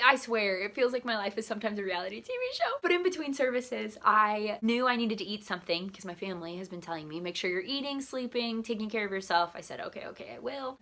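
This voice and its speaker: A young woman who works in church ministry, telling a personal story to her vlog audience in a lively way and acting out the voices of the people in it. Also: medium pitch. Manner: animated, acts out quoted voices.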